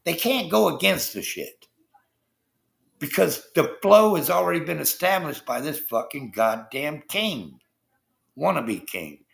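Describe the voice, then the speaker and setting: Gravelly man ranting with heavy swearing. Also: a little high, sing-song, a little slow, a bit bright. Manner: heated, swearing constantly, addresses chat viewers. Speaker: livestream host. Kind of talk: profane political rant on a livestream.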